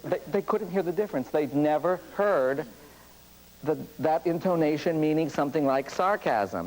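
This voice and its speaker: A man's voice: fairly high pitch, animated, normal speed, a little mellow, low-quality recording. A priest giving a storytelling lecture on communication, acting out the people in his anecdotes. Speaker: priest and speaker on cross-cultural communication.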